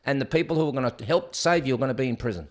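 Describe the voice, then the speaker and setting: A man's voice: mid-range voice, very fast. A man with an Australian accent hosting a show, ranting and commenting sarcastically on news stories he reads aloud. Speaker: host.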